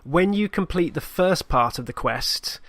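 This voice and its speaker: A young man co-hosting a gaming podcast who tells a story in a lively, casual way and acts out voices. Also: a little high, a little slow, dry recording. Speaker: podcast co-host. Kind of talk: casual chat recounting a game session.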